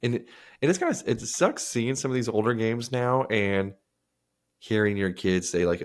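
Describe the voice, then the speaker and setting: A man's voice: medium pitch, expressive, normal speed. A man co-hosting a podcast, chatting casually and telling rambling stories with acted-out quotes. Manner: rambling storyteller, acts out quotes. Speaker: podcast co-host. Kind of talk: casual chat.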